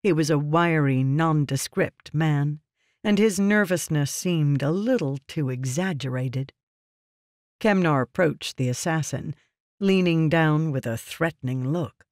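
A man narrating a fantasy novel in a steady, measured storytelling manner. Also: fairly high pitch, no echo, clean studio sound. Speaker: audiobook narrator.

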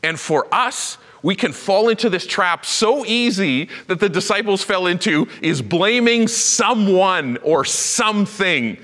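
Emphatic preacher man with a bright voice. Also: high-pitched, a little slow, hardly any pauses, long reverb tail. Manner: animated and emphatic storytelling. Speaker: pastor. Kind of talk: sermon. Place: church sanctuary.

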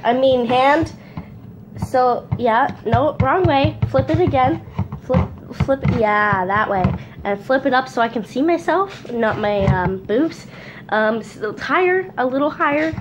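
A woman's voice: high-pitched, lively intonation, a little slow. A young woman vlogger chatting casually through a challenge video, giggling often. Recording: noisy home recording.

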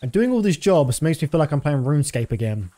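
A man's voice: on the high side, big pitch swings, fast talker, mellow. A man in his thirties giving casual, rambling commentary while streaming a game, with many fillers.

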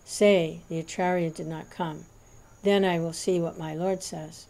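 A man's voice: a little high, steady tone, unhurried, creaky, a little mellow. A woman reading the lines of an older male sage overwhelmed with devotion, speaking in fervent, tearful exclamations.

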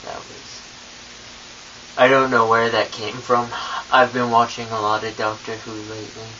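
A young man in casual vlog talk, speaking quietly and rambling offhandedly. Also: mid-range voice, flat delivery, unhurried, far from the mic, lo-fi sound. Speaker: vlogger. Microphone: camera mic, off-mic. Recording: hissy home camera audio, off-mic.

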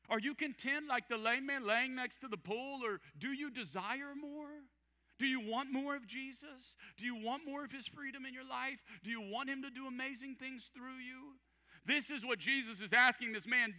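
A pastor delivering an emphatic sermon, repeating key phrases and acting out quoted voices. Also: male voice, high voice, moderate pace, sharp tone. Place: large church hall. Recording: church hall with long reverb.

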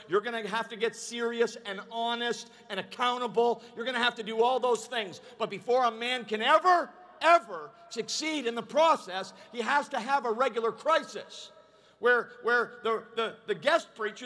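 A male preacher addresses a large conference crowd in a high, forceful voice. He builds to shouted peaks and then falls to a low, confiding tone. He often repeats words and restarts as he speaks. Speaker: pastor. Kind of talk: conference sermon.

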